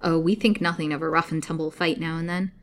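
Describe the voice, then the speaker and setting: A curt, acid-tongued old jailer woman, as a woman reader puts her on. She snaps out her lines with grim spite. The voice sits low. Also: fairly even intonation, quick pace. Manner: curt, snapping. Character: sharp-tempered, vicious old female jailer.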